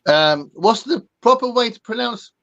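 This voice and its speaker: A man's voice: very high voice, animated, moderate pace, creaky, fairly bright tone, dry recording, muffled recording. An English man hosting a casual podcast chat, reading out viewer comments with frequent ums and laughs. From England. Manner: chatty, laughs often, many ums. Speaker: podcast host.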